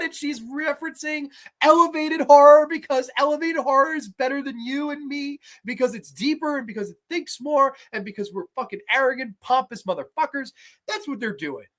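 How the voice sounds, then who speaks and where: A woman in her thirties hosts a horror movie review show, ranting sarcastically with heavy profanity and swinging between low mutters and sudden shouts. She talks at a normal speed.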